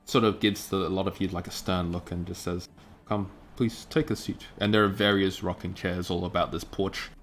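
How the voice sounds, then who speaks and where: Guy running a tabletop game, casual laid-back narration, low-ish voice. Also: flat delivery, a little fast, hardly any pauses, fairly bright tone, soft background music. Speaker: game master.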